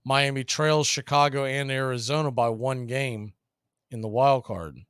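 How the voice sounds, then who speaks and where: A man calling live baseball play-by-play on the radio, brisk and rooting for the home team. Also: steady tone, fairly bright tone, smooth, no echo, clean studio sound. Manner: partisan home-team calls, brisk pitch-by-pitch delivery.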